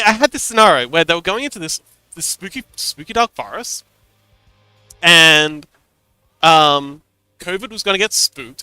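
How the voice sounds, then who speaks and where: A man's voice: a little high, sharp tone, clean tone, no room sound. A man chatting casually on a livestream as a game master, telling a story animatedly and laughing often.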